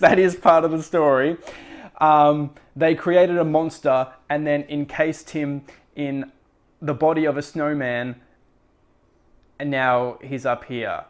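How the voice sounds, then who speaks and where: A man's voice: a little high, measured pace. A man hosting a podcast, recapping a book in a casual, rambling way, full of fillers and wry asides. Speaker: podcast host.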